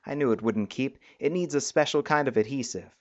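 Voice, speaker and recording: A man voicing a smooth, pleasant young man made of mosaic pieces in a storybook reading. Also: medium pitch, brisk, dry recording, highs cut off, close to an everyday voice.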